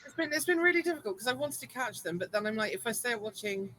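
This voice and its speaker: Chatty streamer, faint noise behind. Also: female voice, a little high, lively intonation, fast talker, fairly bright tone. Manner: chatty, jokey, puts on a mock French accent. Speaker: streamer and co-host. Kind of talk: casual stream chat.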